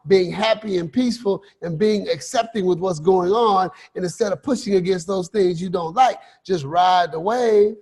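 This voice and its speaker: A man giving a motivational talk as a coach, emphatic, with repeated rhetorical questions and slow stressed phrases. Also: high voice, breathy edge. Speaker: finance and life coach host.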